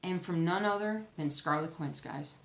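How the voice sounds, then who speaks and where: A woman vlogging casually to camera about her cross-stitch projects, chatty and excitable, often exclaiming. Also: fairly low pitch, moderate pace, vocal fry. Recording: echoey room, faint background noise.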